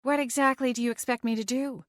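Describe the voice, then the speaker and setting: A woman's voice: a little high, steady tone, fast, dry recording, studio quality, lightly acted. A woman voicing a cold, hostile middle-aged mother who speaks sharply and curtly. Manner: sharp, curt.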